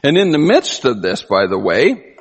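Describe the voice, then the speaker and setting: A man preaching a sermon, animated, often acting out the people he quotes. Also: mid-range voice, normal speed, husky. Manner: animated, acts out quoted voices. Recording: long hall reverb.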